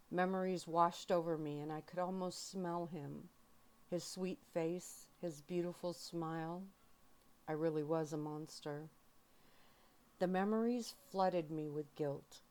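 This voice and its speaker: A woman reading a young adult novel aloud in first person, in a soft-spoken ASMR style with feeling. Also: on the low side. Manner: calm, emotional first-person narration. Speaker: audiobook reader.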